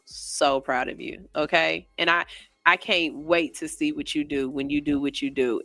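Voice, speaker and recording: A woman's voice: low-pitched, bright, forceful tone, no echo. A woman hosting a morning radio show, chatting in a playful, teasing way. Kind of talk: casual morning radio chat. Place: radio studio.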